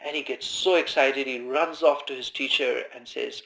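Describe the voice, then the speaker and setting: A man talks listeners through a meditation in a relaxed, informal way, coming back to the same simple phrases again and again. His voice has a gravelly edge at a middle pitch. The sound carries the echo of a reverberant room. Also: moderate pace, few pauses. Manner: calm, repeats key phrases, conversational asides. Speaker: meditation teacher. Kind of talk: informal spoken meditation instruction. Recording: echoey room.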